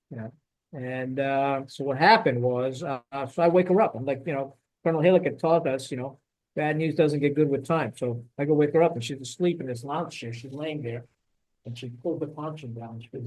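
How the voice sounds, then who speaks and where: Speaking briskly with medium pitch, a middle-aged ex-Marine narrates a war story in an easygoing podcast chat. He stays animated, drops the odd swear word, and reenacts what people said, though the recording quality is low.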